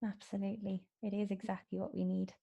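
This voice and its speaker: A woman's voice: medium pitch, little pitch movement, quick pace, vocal fry, dark tone, breathy edge, muffled recording. A woman podcast host with a mid-range voice. She talks in an effusive, exclamatory way, heaping praise on her guest. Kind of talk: casual conversational interview.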